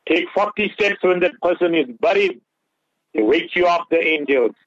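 A man's voice: high voice, animated, normal speed, a bit bright, dry recording. A man giving impassioned Islamic advice on a radio talk show, mixing English with Urdu and Arabic phrases. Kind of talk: earnest religious talk on radio. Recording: dull lo-fi radio audio.

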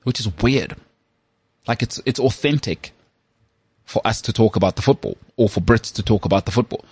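Husky South African man, opinionated chat. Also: fairly low pitch, normal speed, dry recording. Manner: animated, opinionated, repeats words when starting. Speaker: podcast co-host. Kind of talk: casual chat.

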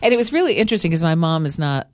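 A woman co-hosting an interview, chatting in an expressive, easygoing way and laughing often. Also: low-pitched, very fast, no room sound, studio quality. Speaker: podcast co-host. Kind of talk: casual radio interview chat.

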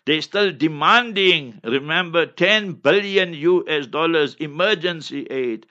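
A man's voice: on the high side, a little slow, bright, forceful tone, highs cut off. Fiery, declamatory man. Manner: fiery, declamatory, keeps repeating "remember". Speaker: religious speaker. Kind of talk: impassioned religious talk.

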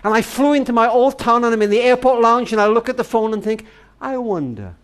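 A man's voice: very high voice, expressive, brisk, fairly bright tone. An older man telling a heartfelt story in a tender manner, speaking to a grandchild as darling. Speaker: speaker and author.

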